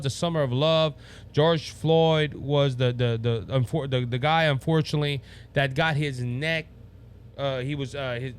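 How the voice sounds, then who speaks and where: A man from Louisiana with a Cajun accent hosting a casual political talk show, rambling and restarting his sentences as he talks. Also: a little high. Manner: rambling, stumbles over words and restarts, laughs at himself. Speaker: podcast host.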